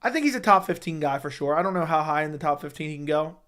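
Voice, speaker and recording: A young man hosting a casual livestream, reading viewer comments in a laid-back, low-key way and swearing casually. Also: lively intonation, fast talker, a bit bright. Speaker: livestream host reading chat.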